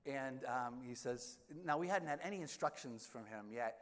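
A man's voice: mid-range voice, lively intonation, moderate pace. A middle-aged man, a priest, telling a funny self-mocking story in a sermon. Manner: self-deprecating humorous storytelling. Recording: echoey hall with long reverb.

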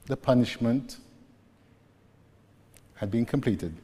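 A man preaching a sermon, slowly and deliberately retelling scripture scenes. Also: mid-range voice, mellow, husky. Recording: long reverb, echoey hall.

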